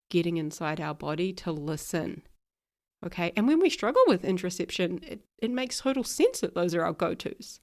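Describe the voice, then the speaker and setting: Chatty low-voiced woman coaching listeners. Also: a little mellow. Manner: chatty, direct, laughs at herself. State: recovering from illness, little voice. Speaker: podcast host, ADHD coach. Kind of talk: casual solo podcast talk.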